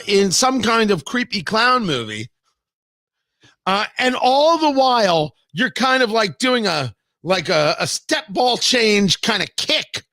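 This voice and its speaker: A man's voice: extremely high pitch, sharp tone, dry recording, studio quality. A man hosting a radio talk show, delivering a sarcastic, mocking opinion monologue with emphatic asides. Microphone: studio microphone, live-streamed show.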